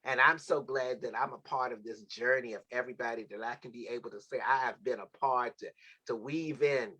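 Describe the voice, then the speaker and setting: A man hosting a livestreamed talk show, giving warm, sermon-like thanks to his guests and team. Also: mid-range voice, steady tone, a little fast, slightly rough, rough recording. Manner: effusive, sermon-like praise. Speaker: show host. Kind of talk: heartfelt closing thanks on a livestream.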